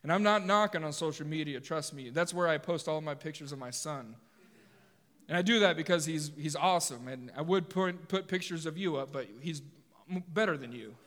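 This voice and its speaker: A man preaches to his congregation in a sermon, speaking with energy and dropping in jokes with the people in front of him. His voice sits a little high for a man. The sound rings out with the long reverb of a big hall. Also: fairly quick. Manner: animated, joking asides with the congregation. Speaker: pastor.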